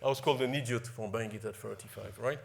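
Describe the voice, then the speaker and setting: Man, middle-aged, gravelly voice, mid-pitched, emotional and joking at an awards speech. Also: fast. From Ivory Coast. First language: French. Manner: emotional, self-deprecating humor, frequent restarts and repeated words. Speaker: company chief executive giving an award speech. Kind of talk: informal speech at an awards ceremony.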